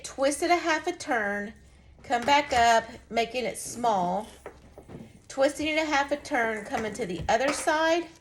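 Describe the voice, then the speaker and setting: A woman's voice: on the high side, fairly bright tone. A woman giving a casual, folksy craft lesson, chatting to viewers as she demonstrates. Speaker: craft instructor.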